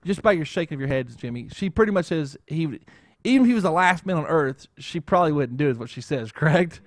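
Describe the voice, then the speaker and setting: A man's voice: on the high side, animated, fast, no echo, clean studio sound. A man hosting a casual talk show who rambles and keeps adding "okay?" as he talks. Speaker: show host. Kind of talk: casual chat.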